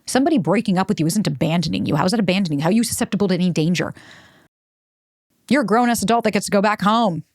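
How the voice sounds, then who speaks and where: A woman's voice: medium pitch, expressive, rapid-fire, a little mellow, dry recording, clean studio sound. A woman hosting a self-help podcast, talking bluntly with plenty of swearing and acting out the voices of the people she quotes. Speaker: podcast host.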